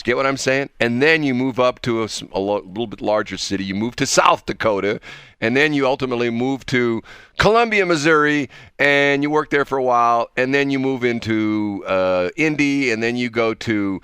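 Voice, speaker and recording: A man co-hosting a morning radio show, chatting casually and rambling through animated stories. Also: mid-range voice, clean tone, dry recording, studio quality. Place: radio studio.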